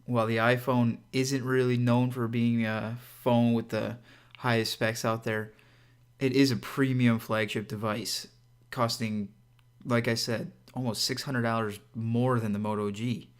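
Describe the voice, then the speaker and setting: A man's voice: medium pitch, flat delivery, measured pace, clean tone. Upbeat man reviewing a phone. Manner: conversational, upbeat and direct, with frequent asides to viewers. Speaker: tech reviewer and channel host. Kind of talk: casual product review.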